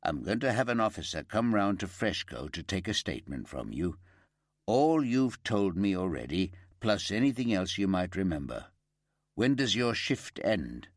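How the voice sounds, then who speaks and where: A man voicing an earnest male detective sergeant who speaks in a measured, polite way. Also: deep voice, big pitch swings, no echo, studio quality. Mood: businesslike. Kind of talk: audiobook character voice.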